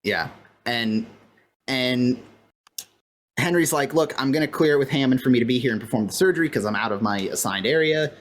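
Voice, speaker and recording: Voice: mid-range voice, a little fast. A podcast co-host casually recapping a TV episode, talking in a loose, rambling way full of filler words. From California. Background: faint fan or air-conditioner hum.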